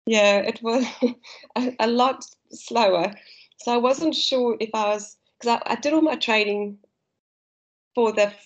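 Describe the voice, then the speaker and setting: A woman's voice: on the high side, unhurried, dull audio. Chatty South African woman, laughing storyteller. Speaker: guest runner. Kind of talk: casual podcast chat.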